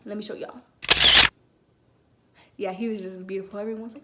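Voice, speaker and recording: A woman's voice: mid-range voice, normal speed, pauses often, darkish tone. A teenage girl telling a personal story in a casual vlog, rambling with many fillers and restarts. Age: late teens. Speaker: vlogger.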